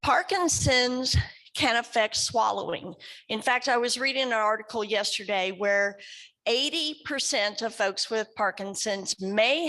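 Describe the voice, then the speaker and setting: A speech therapist from West Kentucky, USA, gives an educational talk to a support group in a conversational style, often putting questions to the audience. Her voice is a little high and a bit bright.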